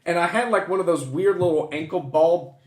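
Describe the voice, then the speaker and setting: A man's voice: fairly high pitch, a little fast, a little mellow. A young man telling a long, swear-filled anecdote in a casual chat and acting out the voices in it. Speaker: co-host. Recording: echoey room.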